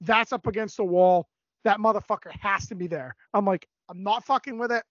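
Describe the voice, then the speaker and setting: A man on a podcast telling a long story in a casual, animated way, swearing a lot. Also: sits high, brisk, dry recording. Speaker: podcast co-host. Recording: dry, dull lo-fi recording.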